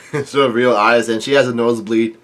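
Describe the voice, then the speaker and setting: A man's voice: medium pitch, steady tone, moderate pace, fairly bright tone. A man casually talking through a comic chapter, rambling and chuckling, with many filler sounds and restarts. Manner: chuckles often while talking. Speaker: manga chapter reviewer.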